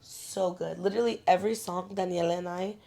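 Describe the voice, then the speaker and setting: A young woman co-hosting a podcast in relaxed, casual chat. Her voice sits on the low side, and she talks in a loose, rambling way with plenty of fillers. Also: vocal fry. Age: young adult. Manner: relaxed, chatty, drawn-out speech with fillers. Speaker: podcast co-host.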